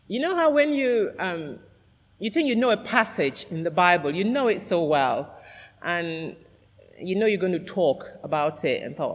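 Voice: medium pitch, very animated, a little slow, long pauses. A preacher with a nasal voice from a cold, giving a candid, self-deprecating sermon. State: getting over a cold. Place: church. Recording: long church reverb.

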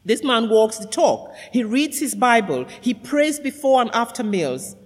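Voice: medium pitch, expressive, a little slow. A preacher with a nasal voice from a cold, giving a candid, self-deprecating sermon. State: getting over a cold. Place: church. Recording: long church reverb.

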